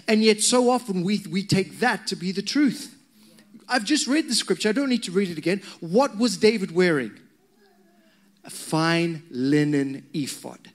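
Man preaching a lively story-driven sermon. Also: high voice. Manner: animated storytelling, conversational asides to the crowd. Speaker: pastor.

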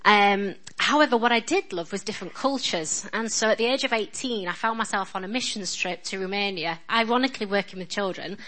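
A woman with a strong Northern English accent preaches in a chatty, earnest way, poking fun at herself as she goes. Her voice is bright and forward, sitting at an ordinary pitch for a woman. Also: brisk, hardly any pauses, poor audio. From England. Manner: chatty, self-deprecating and earnest. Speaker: guest speaker at a church. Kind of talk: sermon.

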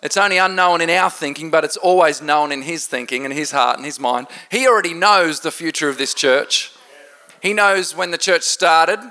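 A man preaching at a church service as a visiting pastor, joking and lively, with a congregation around him. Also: on the high side, moderate pace. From Australia. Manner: jokey, lively preaching with laughter. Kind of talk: sermon.

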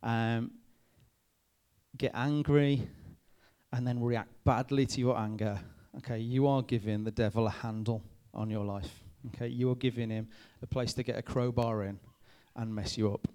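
A man, a youth pastor giving a lively talk to a youth group, checking in with them often. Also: mid-range voice, normal speed, smooth. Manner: lively, addresses the group with frequent "okay?" checks. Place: room with a live youth audience.

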